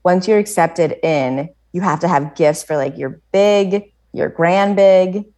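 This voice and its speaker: Animated American woman podcast guest. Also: fairly low pitch, slow pace. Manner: animated storytelling, many "like" fillers, frequent laughter. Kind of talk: casual chat.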